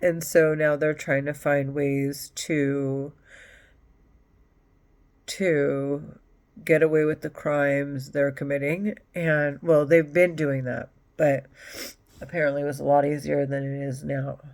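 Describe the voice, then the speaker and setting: A woman vlogging alone, rambling in a halting way with sighs and nervous laughs. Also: sits low, flat delivery, darkish tone. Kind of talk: rambling monologue to camera.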